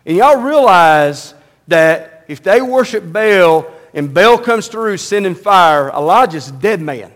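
A male pastor preaching a sermon, reading scripture and explaining it conversationally, swinging from loud and high to low and quiet. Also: slow pace. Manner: animated, rising loud and high when mocking, dropping low and quiet on solemn lines; reads scripture aloud, then explains it conversationally.

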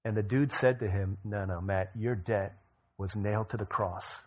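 A male pastor preaching, telling a story with rising bursts of energy and quiet low drops. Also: moderate pace. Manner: energetic storyteller who rises in pitch and volume for emphasis, then drops low. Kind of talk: sermon storytelling.

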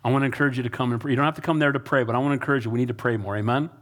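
A man's voice: mid-range voice, steady tone, rapid-fire. A male pastor preaching a sermon, emphatic, with repeated calls to his congregation.

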